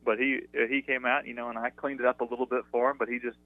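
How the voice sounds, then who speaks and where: A man's voice: mid-range voice, level tone, fast talker, creaky, dry recording. Young man telling stories over a phone line. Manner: chatty, many fillers, laughs through stories. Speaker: guest, former college pitcher. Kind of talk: casual interview storytelling. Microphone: phone call. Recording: dry tinny phone line.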